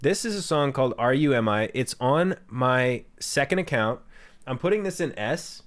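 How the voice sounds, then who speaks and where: A man's voice: medium pitch, lively intonation, normal speed. A young man streaming and talking casually about his own songs, candid and rambling, swearing freely. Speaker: streamer and musician. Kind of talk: casual livestream chat.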